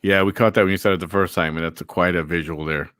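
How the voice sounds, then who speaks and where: A man's voice: low voice, fairly even intonation, fast talker, fairly bright tone, dry recording, studio quality. A man hosting a live chat show, reading viewer comments aloud in an easygoing way. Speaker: host.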